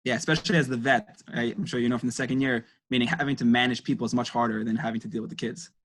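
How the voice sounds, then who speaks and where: A young man who talks quickly as a guest in a casual interview. His voice sits at an average pitch for a man, and he answers thoughtfully, with frequent ums and likes. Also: steady tone, fairly bright tone, slight background noise. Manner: quick, thoughtful, many fillers.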